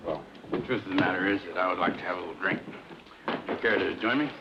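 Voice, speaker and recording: A man's voice: sits low, quick pace. An actor playing a cocky, crude frontier businessman who talks in a sarcastic drawl, on a muffled old film soundtrack with hiss. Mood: sly. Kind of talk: 1970s film western acting.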